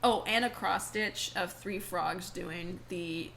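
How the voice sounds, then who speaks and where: Gravelly-voiced young woman chatting casually. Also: on the low side, slow, crowd noise, poor audio. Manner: chatty, giggly, slangy. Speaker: podcast co-host. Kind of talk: casual chat.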